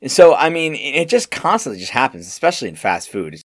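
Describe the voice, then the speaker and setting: A young man co-hosting a podcast, telling work stories in a rambling, animated way with lots of fillers and restarts. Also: mid-range voice, quick pace. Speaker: podcast co-host. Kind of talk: casual storytelling chat.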